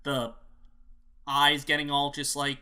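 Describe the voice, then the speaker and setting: A man co-hosting a casual review chat, relaxed and talking with lots of fillers. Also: on the high side, slow pace, clear, resonant tone. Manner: relaxed, chatty, filler-heavy. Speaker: co-host.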